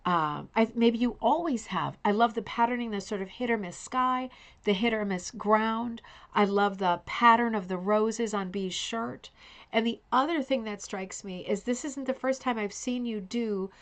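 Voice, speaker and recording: A woman's voice: a little high, normal speed, fairly bright tone. A woman hosting a casual live online show, talking effusively and addressing viewers by name. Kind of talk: casual livestream commentary.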